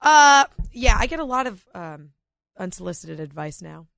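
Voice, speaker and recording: A woman's voice: mid-range voice, very animated, normal speed, vocal fry, fairly bright tone, dry recording, studio quality. A woman co-hosting a casual talk radio show, bantering and laughing often as she reads stories and reacts to callers. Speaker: radio co-host.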